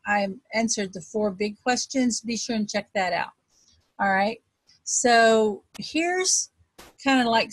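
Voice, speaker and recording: A woman with a Texas accent, a self-described fast talker, teaching an online group in a chatty way with many ums. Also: mid-range voice, dry recording. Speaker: wealth coach leading an online group. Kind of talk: casual webinar teaching.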